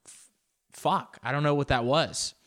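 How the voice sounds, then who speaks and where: A man's voice: normal speed, a bit bright. A man hosting his solo podcast in a casual, rambling way. He is self-deprecating and uses many fillers and restarts. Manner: pitch jumps up and down a lot. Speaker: podcast host.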